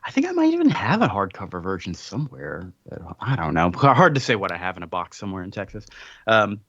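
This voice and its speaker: A man's voice: deep voice, wildly swooping pitch, fast talker, fairly bright tone, no room sound, dull audio. A man hosting a comics podcast in a casual, rambling chat, laughing often. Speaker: podcast host.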